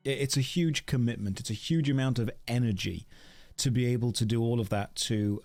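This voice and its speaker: A man from the UK talks to his chat on a live gaming stream in a loose, rambling way, thanking viewers and poking fun at himself. His voice sits at a middling pitch, and he speaks into a desk mic at his home streaming setup. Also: brisk, darkish tone, faint music behind. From United Kingdom. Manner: chatty, rambling, thanks viewers, wry self-mocking.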